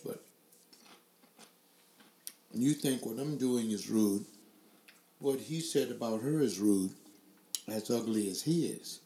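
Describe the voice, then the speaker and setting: A man's voice: fairly low pitch, slow pace, long pauses, dark tone, reverberant, slight background noise. An older man hosting his own webcast, giving his opinions and stringing together rhetorical questions into a desk microphone. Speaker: webcast host. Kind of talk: opinion commentary to a webcast audience. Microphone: desk microphone, later adjusted to sit further back.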